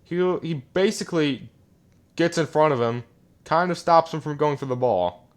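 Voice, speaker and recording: A young man giving live commentary while playing a football video game, often frustrated, muttering low one moment and yelling the next. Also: normal speed. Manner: frustrated, ranting, swings between muttering and yelling. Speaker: gaming YouTuber. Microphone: desk microphone.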